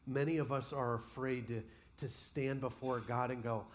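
A man preaching a sermon as pastor, passionately voicing honest prayers to God and then dropping to quiet, personal reflection. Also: medium pitch, fairly even intonation, normal speed, a little hiss or hum. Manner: impassioned, voices imagined prayers aloud.

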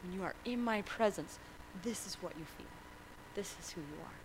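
A woman voicing Jesus as a gentle male guide, pointing things out in an eager, hushed way. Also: on the high side, a little fast, background noise, lightly acted. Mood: tender.

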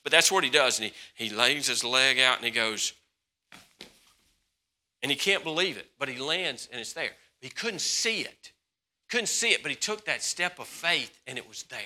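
A man preaching a sermon as pastor, swinging between loud, passionate stretches and hushed, slower ones. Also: medium pitch, animated.

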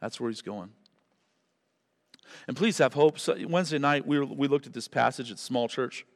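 Closing his sermon with prayer, a pastor speaks at a moderate pace in a mid-range voice. He sounds earnest and pleading, stumbles and corrects himself now and then, and the recording is reverberant, made in a church sanctuary.

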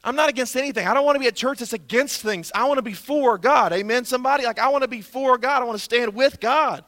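A man preaching a sermon as pastor, energetic and exclamatory, often breaking into laughter. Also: extremely high pitch, fast talker, long reverb tail.

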